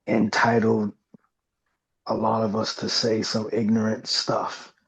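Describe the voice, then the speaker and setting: Gravelly low-voiced man, slow and halting. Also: poor audio. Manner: halting, searching for words. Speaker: podcast panelist. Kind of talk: casual discussion.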